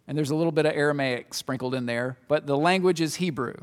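A male pastor preaches in a loose, conversational way, joking and checking that listeners follow along. His voice sits a little high for a man. The sound rings out with the long reverb of a large hall. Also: fast, clean tone. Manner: animated, chatty, jokes with listeners. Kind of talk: sermon answering questions.

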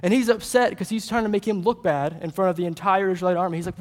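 A man preaching a sermon, retelling a Bible story in lively casual paraphrase and voicing its characters. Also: high voice, quick pace, hardly any pauses. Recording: long hall reverb.

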